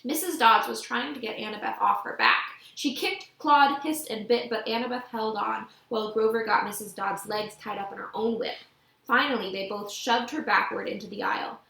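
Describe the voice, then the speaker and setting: A woman reading a novel aloud with lively, expressive storytelling, recorded in an echoey room. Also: on the high side, normal speed, creaky. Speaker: audiobook reader.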